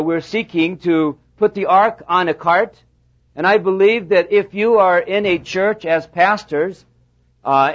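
A pastor preaching a sermon, telling a folksy story with halting restarts. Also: male voice, high voice. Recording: dull lo-fi sound.

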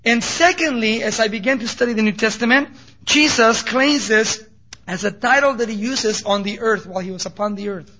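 A man preaching a sermon in an animated storytelling way with casual asides. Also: high-pitched, moderate pace. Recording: dull lo-fi recording.

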